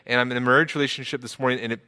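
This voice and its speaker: A man preaching a sermon, his voice bright and forceful with a middle pitch. He talks earnestly, repeating words and climbing higher to stress a point. The sound rings with the long reverb of a big church hall. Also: fairly even intonation, racing, clear, resonant tone. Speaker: pastor.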